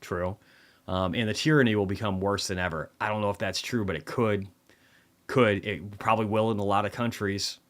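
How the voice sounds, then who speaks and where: A man's voice: fairly low pitch, fairly even intonation, fairly quick. A tired man casually rambling through a market recap livestream, swearing often. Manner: profane, rambling, offhand.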